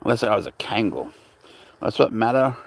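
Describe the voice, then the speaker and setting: A man with a gravelly voice chats loosely to his live stream viewers while out in a park. He rambles, greets people by name and talks to his cat. His voice is picked up by a handheld phone. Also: lowish voice, sing-song, normal speed, dry recording. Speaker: livestream host. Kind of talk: casual live-stream chat. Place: outdoors in a park.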